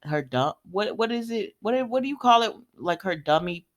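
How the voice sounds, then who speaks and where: A woman's voice: medium pitch, animated, moderate pace. Chatty woman recapping a soap. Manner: chatty, laughs often, acts out quotes in character voices. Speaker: soap opera recap host. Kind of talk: casual chat recap.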